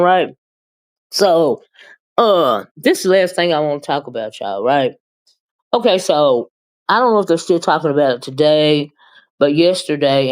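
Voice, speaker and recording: A woman hosting a casual live-stream commentary, chatty and animated, calling viewers "child" and "honey" and sometimes rushing her words. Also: a bass voice.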